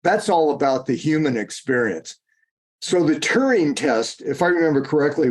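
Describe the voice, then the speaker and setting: A man's voice: mid-range voice, darkish tone. A man speaking as a guest in a casual interview, rambling and digressive, often restarting and correcting himself mid-sentence.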